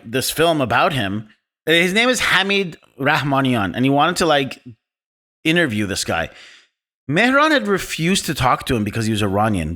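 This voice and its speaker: Podcast host, male, bright tone, animated and opinionated storyteller. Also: on the high side. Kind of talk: casual film discussion.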